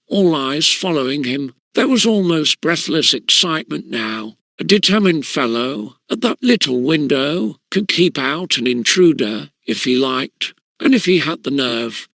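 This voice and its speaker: A man reading a classic schoolboy story aloud as an audiobook, in an even, measured storytelling way with crisp diction. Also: a little high, no room sound. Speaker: audiobook narrator.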